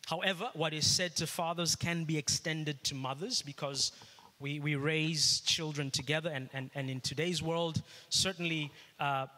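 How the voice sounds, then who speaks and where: A middle-aged male pastor preaches earnestly, repeating his phrases to drive each point home. His voice sits a little high and rings bright. The hall around him carries a long echo. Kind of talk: sermon. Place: church hall. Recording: echoey hall.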